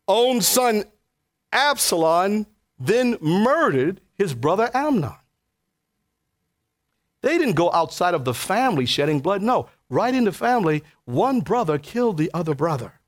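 A man preaching a sermon to a congregation, pleading and impassioned, swinging between loud emphatic lines and quiet ones. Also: high-pitched. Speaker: pastor. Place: church before a congregation.

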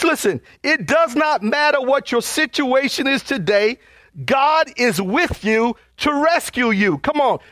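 A man's voice: very high voice, fairly bright tone, no room sound. A man preaching a sermon as pastor, urging his congregation with fervent, repeated calls.

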